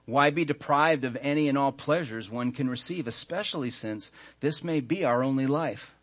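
A man in his thirties, a pastor preaching a sermon earnestly, stressing key words and slowing down when he reads scripture. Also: mid-range voice.

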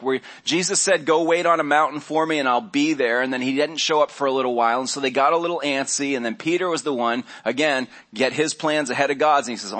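A man's voice: medium pitch, a bit bright. A man, a pastor, preaching a sermon in an easygoing, conversational way, now and then acting out the lines of the people in his story. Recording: church sermon audio.

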